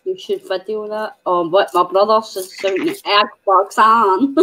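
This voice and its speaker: A woman's voice: medium pitch, level tone, moderate pace, slight background noise, rough recording. A Scottish woman hosting a crafting video, chatting casually and telling stories with a giggle. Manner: giggly, tells stories with mimicked voices. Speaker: crafting channel host. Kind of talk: casual chat while crafting.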